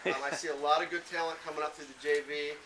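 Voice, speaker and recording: A man speaking as head coach at a team banquet, handing out awards with halting repeats and fillers. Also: a little high, level tone, pushed and bright. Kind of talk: awards speech to players and parents. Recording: distant mic with background noise.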